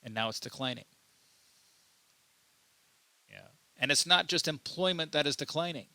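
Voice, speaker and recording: A man delivering an unscripted commentary monologue, pressing his points with emphasis and stumbling over repeated words as he goes. His voice is strongly bright and forward, and the recording is very dry and close. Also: on the high side, lively intonation, normal speed, vocal fry, no room sound. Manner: repeats himself and restarts often, emphatic. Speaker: political commentary host.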